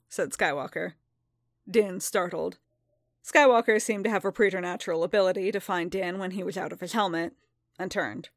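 A woman narrating a story aloud in an even, calm reading voice. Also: fairly low pitch, normal speed, no echo, clean studio sound. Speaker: reader.

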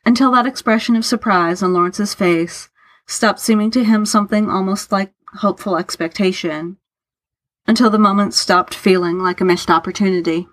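A woman narrating fiction aloud in an unhurried, even storytelling manner. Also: medium pitch.

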